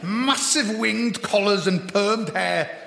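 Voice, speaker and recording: A man's voice: high voice, slow, gravelly, bright, forceful tone. A man telling comic stories, with wry, dry asides. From Anglesey, Wales. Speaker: comedian host. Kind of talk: stand-up comic storytelling. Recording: echoey hall with long reverb.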